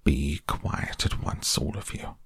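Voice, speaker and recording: A man voicing a stern, wise old male badger in a storybook reading, with a thin, dry, breathy voice, speaking slowly and quietly. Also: dry recording. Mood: severe. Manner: severe, slow and quiet.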